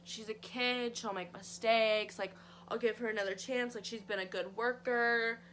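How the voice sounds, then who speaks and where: A woman voicing a stiff, dismissive male boss in his thirties who speaks flatly and curtly. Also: a little high, normal speed, slight background noise, close to an everyday voice.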